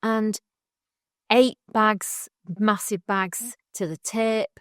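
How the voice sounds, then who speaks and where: A woman's voice: mid-range voice, very slow, smooth, dry recording. Woman, middle-aged, casual podcast chat, laughs often, dry close sound. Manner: chatty, laughs often, animated storytelling. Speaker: podcast co-host.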